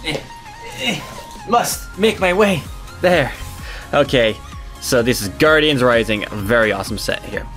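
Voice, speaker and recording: A man co-hosting a casual card-opening chat, excitable and quick to laugh and groan. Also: mid-range voice, soft background music. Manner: excitable, laughs loudly and groans at his co-host's jokes. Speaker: co-host opening trading cards.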